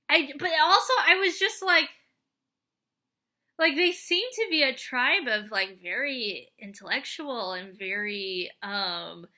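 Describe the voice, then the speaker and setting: A young woman with a high, bright voice talks through an animated show in a casual review vlog. She rambles with fillers and restarts, breaking into little acted-out reactions as she goes. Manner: chatty, animated, lots of fillers and acted quotes.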